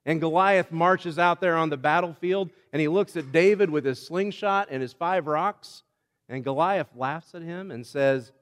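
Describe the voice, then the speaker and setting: A man delivers a sermon in a conversational style, often stumbling and restarting phrases as he goes. His voice sits a touch high. Long reverb from the hall trails after every line. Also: normal speed, fairly bright tone. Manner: conversational preaching with frequent restarts. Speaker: pastor.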